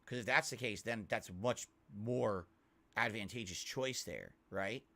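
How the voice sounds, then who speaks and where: A man playing a horror video game and commenting casually, swearing often and breaking into alarmed shouts. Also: lowish voice, a little slow. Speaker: game streamer. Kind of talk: casual let's-play commentary.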